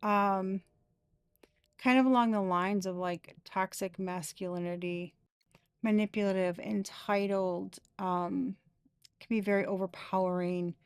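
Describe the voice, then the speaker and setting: A woman in her thirties gives a casual tarot reading, drawling slowly through fillers and dropping sarcastic asides. Her voice has a gravelly fry. The sound is close and dry, with no room echo. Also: mid-range voice, steady tone. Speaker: tarot reader.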